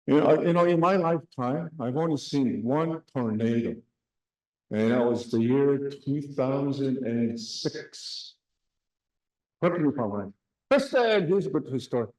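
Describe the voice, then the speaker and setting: A man teaching a classroom language lesson. He speaks slowly, drills words and has the class repeat them. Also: mid-range voice, lively intonation, darkish tone, echoey room, rough recording. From Canada.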